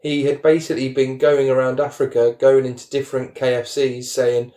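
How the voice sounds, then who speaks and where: A man's voice: medium pitch, level tone, brisk, dark tone, echoey room. A man telling rambling stories in a casual podcast chat. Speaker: podcast host.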